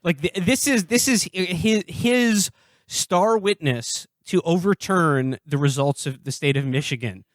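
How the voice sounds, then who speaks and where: A man co-hosting a comedic podcast, speaking sarcastically and haltingly with many fillers. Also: sits high, no echo, studio quality. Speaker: podcast co-host. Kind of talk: casual comedic podcast chat.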